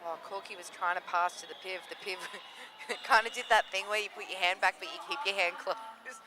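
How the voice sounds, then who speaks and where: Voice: mid-range voice, fairly even intonation, brisk, noisy background. A co-commentator with an Australian accent, playful and jokey, calling a roller derby game live. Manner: playful, jokey, laughs often.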